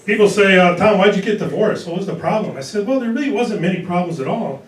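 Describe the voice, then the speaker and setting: A man in his early sixties performing a stand-up comedy set on a club stage, delivering dry one-liners in a deadpan way. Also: sits high, fast, over a noisy crowd. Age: 60s. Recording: echoey club recorded from a distance. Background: audience laughter.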